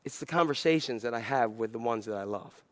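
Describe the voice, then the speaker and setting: A man's voice: mid-range voice, a little fast, no room sound. A man preaching a sermon, talking in a conversational, self-deprecating way that builds to impassioned emphasis. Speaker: pastor.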